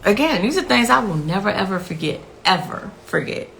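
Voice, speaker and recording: A woman's voice: mid-range voice, big pitch swings, fairly quick, gravelly, a bit bright, a little hiss or hum, rough recording. A woman, a grieving mother, giving a blunt and impassioned interview account, repeating herself for emphasis. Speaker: victim's mother telling her story.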